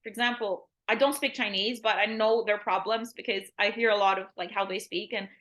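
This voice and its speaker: A woman's voice: medium pitch, fairly even intonation, a little fast, fairly bright tone. A woman, a language teacher, talking casually as an interview guest, rambling with lots of "like" and laughing often.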